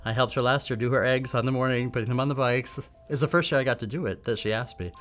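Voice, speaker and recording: A man's voice: medium pitch, quick pace, fairly bright tone, soft background music. A man speaking in a documentary interview, enthusiastic and admiring. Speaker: ride volunteer interviewee.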